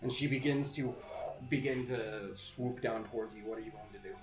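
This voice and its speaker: A man running a tabletop game as game master, narrating casually with many halting fillers. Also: lowish voice. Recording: echoey room with faint music.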